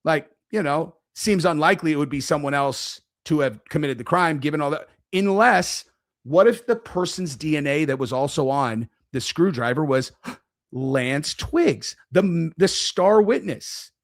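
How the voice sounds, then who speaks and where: Animated, sarcastic male streamer. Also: a little high, moderate pace, dry recording, studio quality. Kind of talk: casual live-stream commentary.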